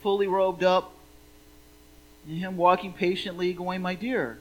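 Woman minister delivering a relaxed, playful, conversational sermon. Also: lowish voice, unhurried, dull audio.

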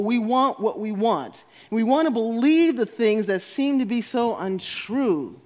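A man with a strikingly high voice delivers a spiritual talk in an animated way. He laughs often and repeats words to hammer points home. His voice rings with a long reverb, as in a large hall. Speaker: spiritual speaker.

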